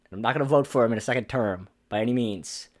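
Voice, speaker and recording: A man's voice: mid-range voice, fast talker. A man hosting a comedy podcast alone at home, in a profane, self-deprecating, ranting monologue. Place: home apartment.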